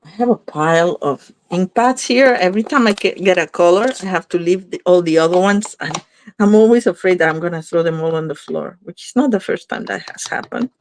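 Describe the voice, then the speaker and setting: A woman hosts a card-making video, chatting casually and thinking out loud as she crafts, frequently pausing to correct herself. Her voice is lowish and a little fast, with slight background noise behind it.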